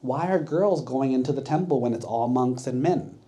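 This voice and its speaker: A man's voice: mid-range voice, moderate pace, dark tone, close to an everyday voice. A man doing a puzzled monk. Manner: puzzled, questioning. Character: puzzled monk noticing odd behavior.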